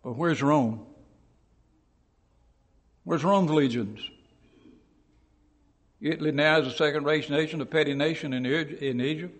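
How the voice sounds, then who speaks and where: A man preaching a sermon in a church, telling stories with dramatic build and shouting out quoted lines. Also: on the high side, a little slow, pauses often, big-room sound.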